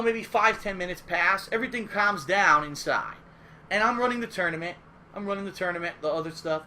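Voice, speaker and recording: A man casually telling a story from his past as a gaming streamer, animated, emphatic and full of swearing. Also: high voice, a little hiss or hum. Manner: animated, profane, emphatic retelling.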